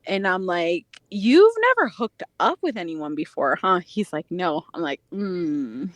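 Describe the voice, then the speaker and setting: A woman's voice: lowish voice, moderate pace, dry recording. Chatty woman spilling a dating story, voice jumps all over, dry close mic. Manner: animated, laughing, acts out quotes. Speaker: podcast guest. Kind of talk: casual storytelling chat.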